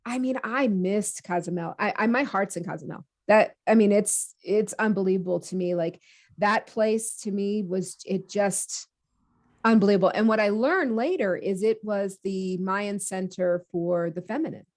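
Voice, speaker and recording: A woman's voice: medium pitch, moderate pace. Chatty woman telling a story. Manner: lively, acts out her own quoted thoughts; many fillers and restarts, laughs easily. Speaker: podcast guest. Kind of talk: casual conversational storytelling.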